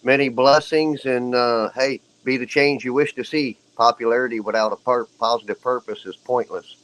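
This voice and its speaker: A man's voice: medium pitch, fairly even intonation, moderate pace, a bit bright, low-quality recording. An earnest male panelist with a mid-range voice, sharing a thought and then signing off with blessings. His tone is sincere and easygoing. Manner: earnest, spiritual sign-offs. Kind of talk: casual live panel chat.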